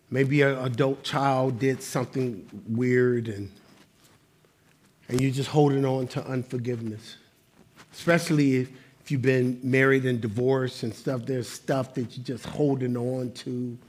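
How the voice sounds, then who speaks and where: A man preaching a sermon in an animated, conversational style, mixing humor with quiet asides. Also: mid-range voice, husky. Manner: lively, swings between loud exclamations and quiet asides. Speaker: pastor.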